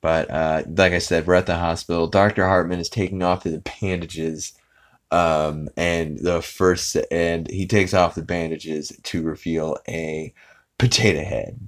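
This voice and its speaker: A man's voice: low-pitched, measured pace. A man hosting a podcast, casually and animatedly retelling a cartoon episode. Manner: rambling and animated, acts out character lines. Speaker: podcast host.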